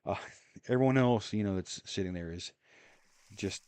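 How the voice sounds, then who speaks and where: A man's voice: on the low side, moderate pace, a little mellow, clean tone, no echo. A man telling a long story in a casual, rambling way while playing a game, full of fillers and chuckles. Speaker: gaming streamer.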